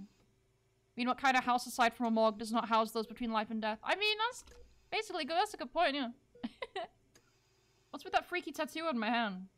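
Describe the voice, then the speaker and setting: A woman's voice: on the high side, fairly bright tone. A woman streaming a game, chatting casually and laughing often while she reads it aloud. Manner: giggly, chatty, quick to laugh.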